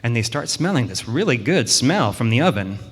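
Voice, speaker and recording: A man telling a children's story at church in a relaxed, lightly rambling way. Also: medium pitch, moderate pace, slightly rough. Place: church sanctuary. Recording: long hall reverb.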